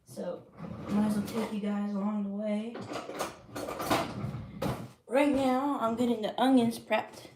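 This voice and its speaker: A woman's voice: mid-range voice, flat delivery, slow, long pauses, background noise. A woman cooking on a livestream in her home kitchen, chatting casually as she greets viewers and reads the chat aloud. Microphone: streaming mic.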